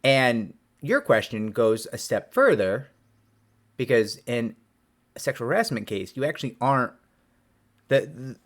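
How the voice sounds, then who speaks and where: A man's voice: mid-range voice, sing-song, unhurried, long pauses. A man, a lawyer, telling a story to camera in a rambling, self-deprecating way with many restarts.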